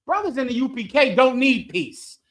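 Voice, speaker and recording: A man's voice: extremely high pitch, sing-song, normal speed, a bit bright. Brash preacher guy, cracks himself up, fires off questions at the chat, voice all over the place. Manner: brash, joking, lectures with rhetorical questions; laughs at his own jokes. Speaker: scripture class leader. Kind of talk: provocative preaching to a live chat.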